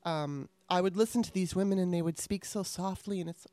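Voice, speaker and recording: A woman in casual chat, telling stories in an animated way and laughing often. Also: on the low side, brisk, no echo.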